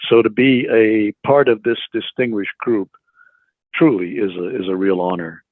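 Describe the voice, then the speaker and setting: Old guy in his 80s on a tinny call, kinda low voice, slow and halting, lots of uhs. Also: dry recording. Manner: slow, halting, repeats words with many fillers. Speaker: interview guest, animator. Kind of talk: casual interview. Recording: phone-like remote call audio.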